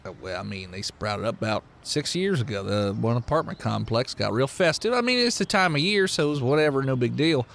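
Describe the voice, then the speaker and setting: A man doing a cranky gravelly Texan local. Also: medium pitch, animated, fairly quick, hardly any pauses, a bit bright. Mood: gossipy. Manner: folksy drawl, cranky. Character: gruff rural Texan man, suspicious and blunt.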